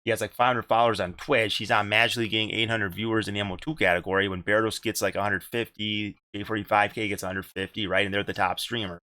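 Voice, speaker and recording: Fast-talking man, bright tense voice. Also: fairly low pitch, level tone. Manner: rambling, repeats words, swears casually. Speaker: podcast host and streamer. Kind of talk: casual gaming chat.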